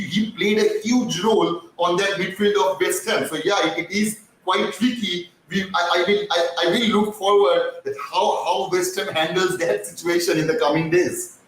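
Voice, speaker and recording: A man's voice: high-pitched, a bit bright. A man with a cracked voice, hosting a casual football fan chat and rambling with repeated words and fillers. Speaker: fan channel host. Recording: distant mic in a very echoey room.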